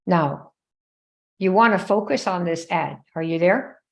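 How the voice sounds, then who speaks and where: A woman's voice: fairly low pitch, unhurried, gravelly. A woman hosting a live stream, telling a story in a conversational way, checking in with viewers by name and acting out quoted dialogue in her own voice. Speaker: live show host.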